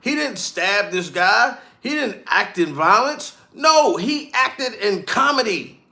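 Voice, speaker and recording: Man ranting profanely, bright high voice. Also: big pitch swings, slow, vocal fry. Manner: profane, heated, mocking rant. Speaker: comedian streamer. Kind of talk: live-stream rant reading chat.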